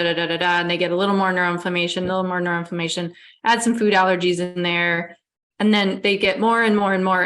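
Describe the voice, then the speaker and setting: A woman's voice: on the low side, a bit bright. Woman guest, casual chat, explains in long run-on lists.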